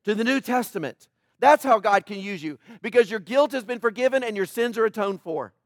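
Emphatic high-voiced male preacher. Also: lively intonation, fairly quick, dry recording, studio quality. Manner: emphatic, swinging between loud and hushed. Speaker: pastor. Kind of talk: sermon.

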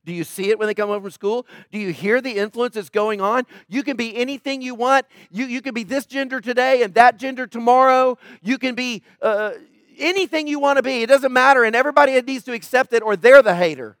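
A man's voice: very high-pitched, fairly quick, a bit bright, no room sound, clean studio sound. A man preaching a sermon in church, urgent and emphatic, driving his points home through repetition. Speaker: pastor.

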